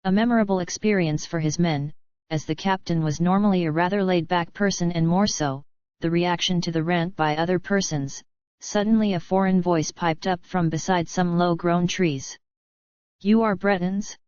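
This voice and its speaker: A woman reading a fan story aloud in a steady, even narration, close to the mic. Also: fairly low pitch, normal speed, clean tone, dry recording, dull audio.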